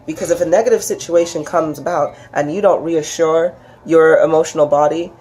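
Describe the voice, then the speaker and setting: A woman talking through a spiritual lesson in a loose, chatty way. She keeps restarting her sentences and slips into animated, higher voices when she quotes people. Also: brisk, slight background noise. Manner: chatty, acts out quoted voices with big pitch jumps; frequent restarts and laughs. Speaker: spiritual teacher. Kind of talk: casual spoken lesson.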